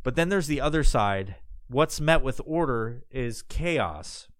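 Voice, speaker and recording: Speaking slowly with lively intonation, a man with a medium-pitched voice hosts a podcast in a clean, echo-free studio. His monologue is casual and rambling, loaded with swearing, fillers, and restarts.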